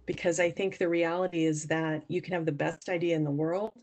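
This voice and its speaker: Low-voiced woman investor explaining. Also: fairly even intonation, a little fast, a little mellow. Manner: earnest, explanatory, with frequent restarts. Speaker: angel investor guest. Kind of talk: podcast interview answers.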